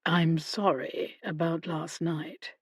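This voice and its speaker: A woman reading an audiobook, voicing a confident, teasing Regency gentleman who speaks low and slow. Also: no echo, clean studio sound, close to an everyday voice. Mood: flirtatious.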